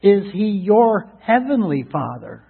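A high-pitched, husky man preaches earnestly, often stumbling over and repeating words as he begins a point. His voice comes through a thin, tinny radio line. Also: very animated, unhurried. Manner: earnest, repeats words when starting a thought. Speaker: pastor. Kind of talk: sermon. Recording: tinny narrowband radio broadcast.

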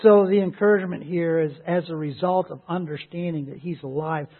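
A man preaching an Easter sermon, emphatic and animated, who laughs as he retells stories. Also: fairly high pitch, brisk. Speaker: pastor. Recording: phone-like lo-fi sound.

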